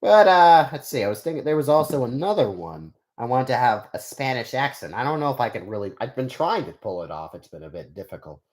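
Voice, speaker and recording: A young man chatting on a live stream, his pitch swinging up and down as he talks. He rambles with lots of fillers and restarts, answering viewers in a loose, easygoing way. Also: big pitch swings, fairly quick, few pauses. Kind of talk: casual live stream chat.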